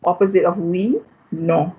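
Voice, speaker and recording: Her voice sits on the low side, mellow and slightly rough, and she speaks a little slowly. A Malaysian woman running a live online French lesson, she repeats every word, checks in with "okay?" again and again, and sometimes drops into Malay, all on dull lo-fi stream audio.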